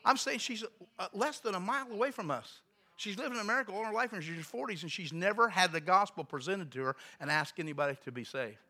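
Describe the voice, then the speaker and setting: A man's voice: high-pitched, quick pace, pushed and bright. A man preaching a sermon in a rambling storytelling way, with asides to the congregation.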